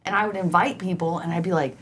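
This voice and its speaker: A woman's voice: lowish voice, quick pace. A woman co-hosting a comedy podcast, telling stories animatedly and acting out what people said. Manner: animated storyteller, acts out quoted voices. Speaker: podcast co-host.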